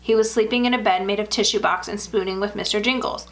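A woman narrating a first-person horror story aloud in an even, measured way. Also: medium pitch.

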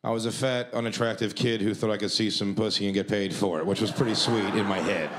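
A man's voice: fairly low pitch, steady tone, fast. A man telling a profane, laugh-filled comedy story on a club stage into a handheld mic. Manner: profane, laughs through his lines. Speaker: stand-up comedian. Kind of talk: stand-up storytelling.

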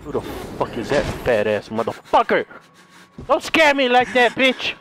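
A man's voice: high-pitched, huge pitch swings, measured pace, fairly bright tone, slight background noise. A young man giving jumpy, profanity-laden commentary while playing a horror game, yelping when startled. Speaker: let's play gamer. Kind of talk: live gameplay commentary.

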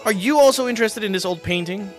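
A man's voice: sits high, fast, faint music behind, pitched above the performer's own voice, lightly acted. A man doing Zinnia, a teasing young woman.

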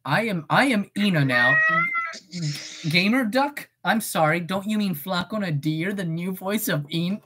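A woman's voice: mid-range voice, expressive, a little slow, very noisy. An eighteen-year-old woman streamer and voice actor chatting casually, goofy and swearing, breaking into yelps.

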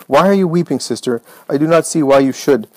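A man voicing a fiery, devout woman who speaks with forceful, commanding conviction. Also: a little high, fairly quick, no echo, pitched above the performer's own voice, close to an everyday voice, rough recording. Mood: firm.

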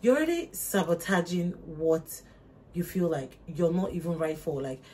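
A woman's voice: animated, normal speed, a little mellow. A young woman, giving emphatic, repetitive motivational advice to her viewers in a casual vlog. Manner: emphatic, preachy, repeats points, rises in pitch for emphasis. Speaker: motivational vlogger. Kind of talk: casual motivational talk to camera.

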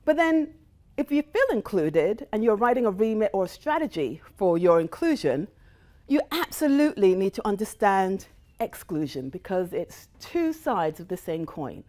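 A woman's voice: medium pitch, sing-song, normal speed, darkish tone. A middle-aged woman who grew up in the United States, giving a motivational talk to a live audience and telling stories animatedly, slipping into the voices of people she quotes. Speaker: guest speaker.

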